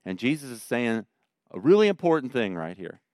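A middle-aged man preaching a sermon, swinging between loud emphatic lines and quiet tender ones. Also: medium pitch, big pitch swings, a little fast, no room sound, studio quality. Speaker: pastor.

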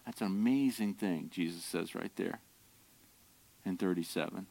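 A man preaching a sermon as pastor, explaining scripture verse by verse in an emphatic, animated way. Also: sits low, normal speed, vocal fry.

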